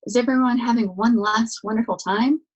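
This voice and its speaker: A woman's voice: a little high, normal speed, highs cut off, voice pushed up, close to an everyday voice. Woman playing a beaming showman compère. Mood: effusive. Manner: grand, effusive showman. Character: showy, beaming male compère.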